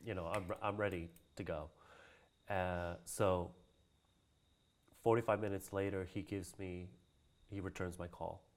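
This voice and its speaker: A man's voice: low-pitched, little pitch movement, unhurried, long pauses. A man from Hawaii, a cultural practitioner, telling a long personal story in a casual interview, acting out the voices of the people he quotes and laughing often.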